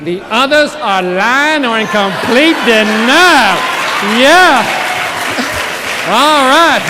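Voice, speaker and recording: Some hiss or hum sits under this recording of a high-pitched man giving a motivational keynote in a big conference hall. He tells stories with energy and calls out to his live audience, his voice echoing in the hall.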